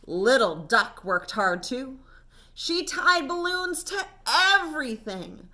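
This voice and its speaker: Children's librarian, woman, storytime reader, high voice, unhurried, gentle and expressive. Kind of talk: reading a picture book aloud to kids.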